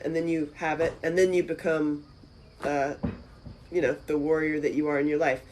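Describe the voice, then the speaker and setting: Chatty low-voiced woman livestreaming. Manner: lively and chatty, reads comments aloud. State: voice lower than usual. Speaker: livestream host. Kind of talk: casual livestream talk. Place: friend's house. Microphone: phone camera.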